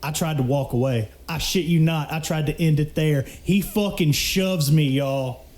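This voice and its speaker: A man's voice: on the high side, moderate pace. Profane, laughing young man telling stories. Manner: animated, profane storyteller with laughs. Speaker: podcast co-host. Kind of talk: casual storytelling chat.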